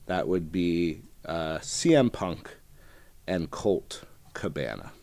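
Speaking slowly in a low, expressive, darkish voice with no echo, a man chats alone on his own podcast. He rambles and puts himself down, his talk full of fillers and restarts.

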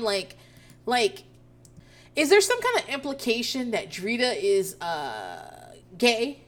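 A woman's voice: on the high side, huge pitch swings, slow. A woman casually recapping a reality show episode, profane and incredulous as she tells the story.

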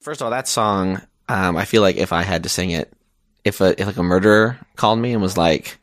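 This podcast co-host has a low voice and talks fairly quickly, recorded in a clean studio with no room sound. He rambles through casual chat, full of fillers and laughs.

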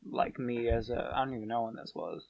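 A man's voice: mid-range voice, brisk, gravelly, dry recording, highs cut off. A young man co-hosting a casual chat podcast, laid-back and wry. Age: young adult. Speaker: podcast co-host.

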